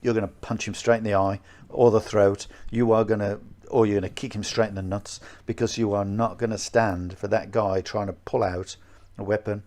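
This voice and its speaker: A man's voice: on the low side, level tone, moderate pace, hardly any pauses, darkish tone. A man co-hosting a podcast about martial arts, talking in an emphatic, repetitive way in casual chat. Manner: emphatic, repeats himself.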